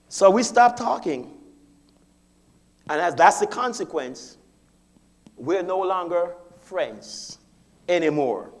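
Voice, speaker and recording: A man giving a sermon in a church, teaching step by step and acting out his own inner thoughts, often repeating key phrases. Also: sits high. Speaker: guest speaker. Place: church sanctuary.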